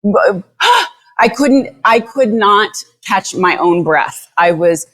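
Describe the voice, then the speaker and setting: A woman who runs a dog rescue, telling a story as a podcast guest in an animated, blunt way, swearing freely. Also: lowish voice, takes it slowly.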